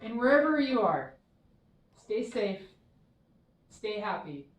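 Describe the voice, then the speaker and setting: A woman minister giving a children's dharma talk, telling a story in a warm, expressive way. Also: medium pitch, slow. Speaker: temple minister. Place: temple hall. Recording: echoey hall, mic far off.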